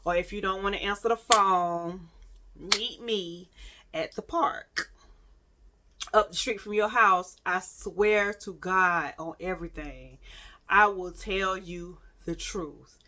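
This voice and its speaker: A woman quoting her remorseful boyfriend, who pleads softly and earnestly. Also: mid-range voice, slow pace, a little hiss or hum. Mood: pleading.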